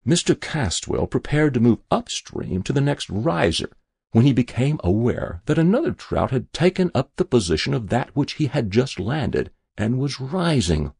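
A man reads a story aloud in a measured, expressive way. His voice is gravelly and a touch husky, and his pitch moves widely. The sound is dry and close. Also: no room sound. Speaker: narrator.

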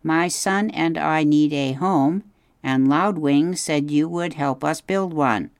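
A man voicing a calm, polite female robot who speaks in formal, measured sentences. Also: on the high side, smooth, no room sound, studio quality, pitched above the performer's own voice. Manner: formal, even, measured speech.

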